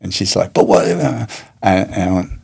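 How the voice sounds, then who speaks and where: A man with a low, gravelly voice, slightly husky, answers interview questions at length. He speaks in a measured, reflective way and brings his stories to life by acting out the lines of the people in them. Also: darkish tone. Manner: measured, reflective, acts out quoted speech. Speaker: guest, martial arts teacher and charity head.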